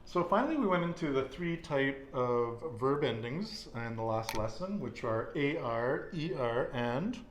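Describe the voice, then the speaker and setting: A man's voice: medium pitch, animated, a little slow, few pauses. A man teaching a Spanish lesson, patiently quizzing a student and repeating her answers back with encouragement. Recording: echoey room with faint noise.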